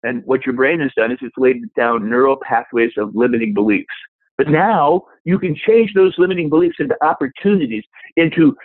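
A man's voice: medium pitch, a little fast, no echo. A man giving a motivational self-help talk, acting out the voices in your head. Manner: animated, acts out inner voices. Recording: tinny phone-like radio sound.

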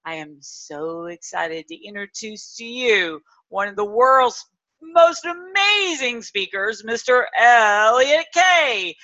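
A woman's voice: fairly high pitch, animated, takes it slowly, sharp tone, no room sound. A woman host giving an enthusiastic scripted introduction for a virtual event. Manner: enthusiastic, emphatic. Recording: dull lo-fi dry audio.

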